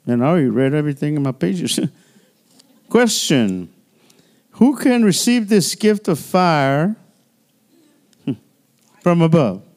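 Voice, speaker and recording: High-voiced older man preaching. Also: slow, long pauses. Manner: animated preaching with asides and laughter. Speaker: pastor. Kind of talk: sermon. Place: church.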